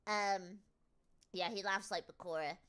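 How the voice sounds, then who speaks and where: A woman's voice: medium pitch, steady tone, a little slow, a bit bright, clean tone. A woman with a British accent chatting casually on a livestream, teasing her viewers with jokey banter and frequent restarts. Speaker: VTuber streamer.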